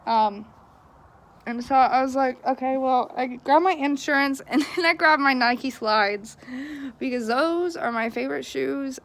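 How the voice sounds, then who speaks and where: A woman's voice: high voice, measured pace, a bit bright. A young woman telling a story in a casual vlog, chatty and frustrated, laughing often, filming on a phone outdoors in the cold. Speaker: vlogger.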